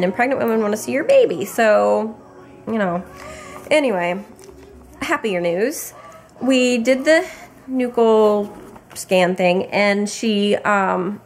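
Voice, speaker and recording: A woman's voice: medium pitch, measured pace, gravelly, faint music behind. Tired young woman, chatty vlog update. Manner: chatty, rambling, many fillers and restarts. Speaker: vlogger. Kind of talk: casual pregnancy update vlog.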